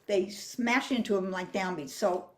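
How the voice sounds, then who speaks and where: A woman's voice: medium pitch, measured pace. An older woman teaching flute phrasing, explaining patiently and singing rhythms and counting beats aloud. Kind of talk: music masterclass.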